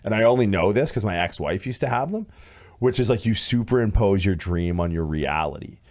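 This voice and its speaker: A man in his thirties co-hosting a podcast, telling a story in casual chat, animated and swearing, acting out what others said. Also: lowish voice, a little fast. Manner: animated, swearing, acts out quoted voices loudly. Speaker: podcast co-host.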